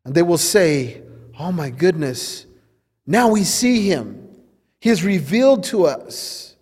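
Man, pastor, sermon, high voice, long hall reverb. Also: warm tone. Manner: teaching, asks the listeners questions.

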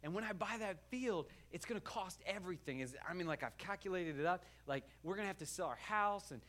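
A man voicing an eager young man who insists on buying a field, in a raised, excited voice during a sermon story. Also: high-pitched, fairly quick, voice pushed up.

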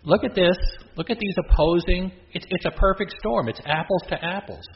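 Here the middle-aged Catholic priest has a high-pitched voice and a moderate pace, chatting his way through a church sermon. Joking asides keep pulling him off track. Faint hiss runs beneath the muffled, low-fidelity sound.

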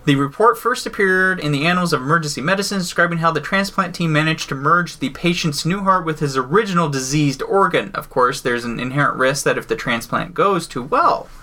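A man's voice: fairly high pitch, a little fast, hardly any pauses, sharp tone. A man co-hosting a casual podcast, reading news items aloud and riffing on them with jokes and swearing. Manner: jokey, swears, reads news then riffs. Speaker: podcast co-host.

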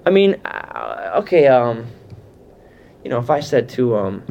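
A man teaching a Bible class in an animated, conversational way, often putting questions to his listeners. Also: mid-range voice, a little slow, vocal fry, a little hiss or hum. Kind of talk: teaching sermon. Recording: muffled lo-fi sound.

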